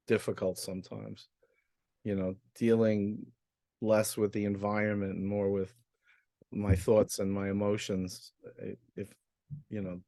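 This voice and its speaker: A man's voice: lowish voice, dry recording. A man asking a question in a group discussion over a video call, hesitant and self-conscious, with nervous laughs. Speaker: course participant.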